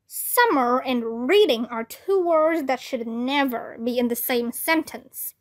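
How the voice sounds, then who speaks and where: Brief: high-pitched woman narrating a kids' book, unhurried. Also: animated. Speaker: read-aloud narrator. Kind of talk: reading a children's book aloud.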